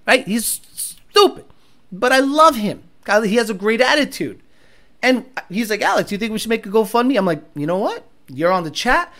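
A man's voice: high-pitched, fairly bright tone. Blunt, profane man ranting on a livestream. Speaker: livestream host reading chat. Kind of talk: casual livestream rant.

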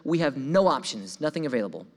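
A young man delivers a sermon testimony, recounting his story with animation in a medium-pitched voice and a fast delivery. He voices his own thoughts as quotes and repeats words, stumbling over them when excited. A long hall reverb colors the recording.

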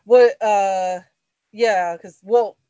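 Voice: mid-range voice, fairly even intonation, extremely slow, dark tone, smooth, no room sound, dull audio. A player in a tabletop game, talking casually with laughs and hesitations. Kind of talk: casual tabletop role-play.

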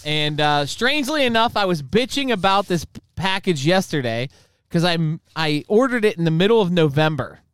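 High-voiced, lively podcast host. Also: male voice, moderate pace, clear, resonant tone, no echo. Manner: joking, swears freely. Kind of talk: casual podcast banter.

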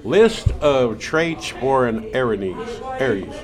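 A man, joking gruffly in casual banter with crude quips. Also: medium pitch, expressive, slow pace, over music.

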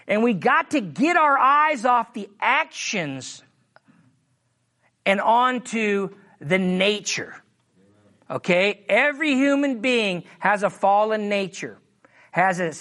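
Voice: medium pitch, a bit bright. A preacher teaching from the Bible in a sermon, reading scripture with emphasis and often checking in with "Amen?" and "All right?". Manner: reads scripture slowly, with emphasis.

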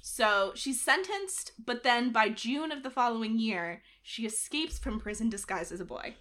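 A young woman with a bright, high-set voice hosts a podcast. She tells a history story in a loose, chatty way and acts out everyone's lines. Her delivery is lively and amused. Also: normal speed. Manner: animated retelling with acted-out quotes and frequent laughs. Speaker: podcast co-host. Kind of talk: casual storytelling chat.

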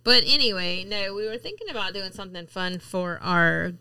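A woman's voice: medium pitch, normal speed, pushed and bright, clean tone, dry recording. A woman co-hosting a podcast in casual, chatty talk, swearing freely and laughing often. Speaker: podcast co-host. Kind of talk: casual chat.

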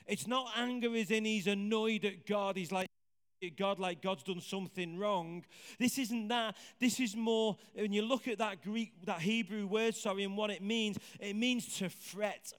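A man preaching a sermon in a conversational, animated way, asking the congregation questions. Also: high voice, a little slow, clean tone. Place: church hall with congregation. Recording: hall reverb.

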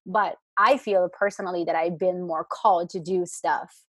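A woman's voice: lowish voice, steady tone, moderate pace, a bit bright, husky, no echo. A woman talking about spiritual work in casual chat, rambling with many restarts and fillers. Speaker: spiritual guest.

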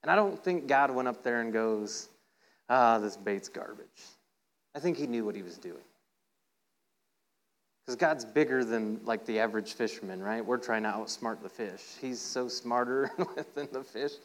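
A man's voice: normal speed, poor audio. Playful, conversational male preacher. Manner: playful storytelling, acts out voices with rising pitch; conversational, asks "right?" often. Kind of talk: informal sermon.

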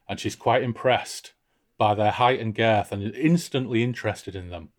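A man co-hosting a book podcast, reading passages aloud expressively and chatting about them casually. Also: on the low side. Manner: expressive reader, lifts voice for quoted characters. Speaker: podcast co-host reading and discussing a novel.

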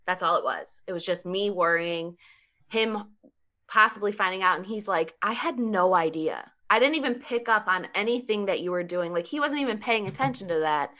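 A woman telling a personal story in casual conversation, animated, laughing often and saying 'like' a lot. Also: medium pitch, moderate pace.

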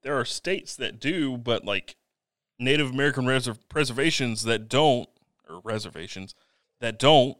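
A man's voice: medium pitch, normal speed, fairly bright tone, no echo. A man co-hosting a casual podcast, talking in a dry, matter-of-fact way. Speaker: podcast co-host.

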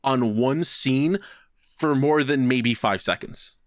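A man's voice: medium pitch, slow pace, dry recording. Ranting, swearing man, dry close sound. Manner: swears a lot, ranting recap of a movie. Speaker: podcast co-host. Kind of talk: casual podcast chat.

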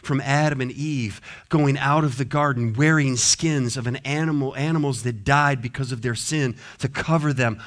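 A man preaching a sermon as pastor, moving between loud proclaiming and hushed low passages, and briefly acting out biblical figures. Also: moderate pace, hardly any pauses.

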